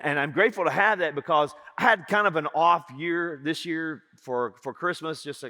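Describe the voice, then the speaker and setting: A man's voice: a little high, pushed and bright. A middle-aged male pastor, telling a humorous story in a church sermon. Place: church sanctuary. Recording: reverberant church hall.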